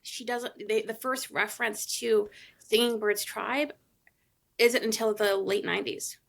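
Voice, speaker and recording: A woman from New Mexico discussing a book on a podcast, adding corrections and personal memories in a relaxed, conversational way. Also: fairly high pitch, measured pace, vocal fry.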